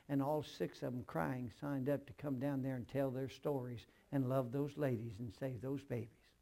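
A man's voice: medium pitch, creaky, darkish tone. A man preaching a sermon, telling stories and acting out both sides of each conversation while speaking straight to the congregation. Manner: storytelling, acts out dialogue in quotes; addresses the congregation directly.

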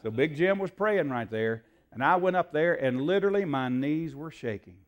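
A man's voice: a little high, lively intonation, normal speed, muffled recording. A man, a preacher telling a story in a sermon in a folksy way, acting out the dialogue, with frequent fillers.

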